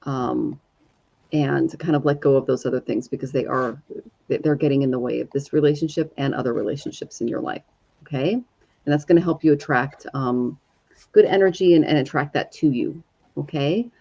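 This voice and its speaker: A man's voice: mid-range voice, normal speed, vocal fry, mellow, muffled recording. A man hosting a live tarot and astrology reading. He speaks reassuringly and keeps checking in with "okay?". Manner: reassuring, ends phrases with "okay?".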